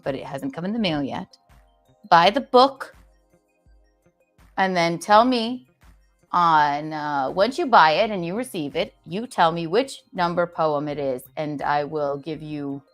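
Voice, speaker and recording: A woman hosting a livestream in casual chat, playful and talkative, often restarting her sentences. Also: low-pitched. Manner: chatty and playful, with many restarts. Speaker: livestream host.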